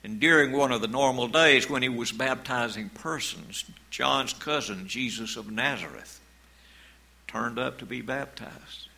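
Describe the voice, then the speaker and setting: A man preaching a sermon as pastor, in a slow, measured way, reading scripture aloud. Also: mid-range voice, gravelly, pushed and bright, poor audio.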